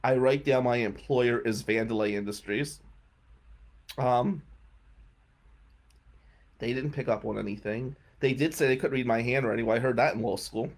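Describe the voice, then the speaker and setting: Male radio host telling a story, keeps clearing his throat, middle-pitched, chuckles in it. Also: moderate pace, pauses often. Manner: clears throat often, chuckles mid-sentence. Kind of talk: casual comic storytelling.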